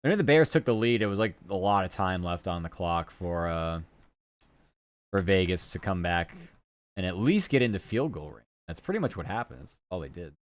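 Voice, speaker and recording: A man's voice: sits low, sing-song, moderate pace, no echo. A man streaming, chatting casually and rambling loosely, with the odd swear word. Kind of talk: casual live-stream chat.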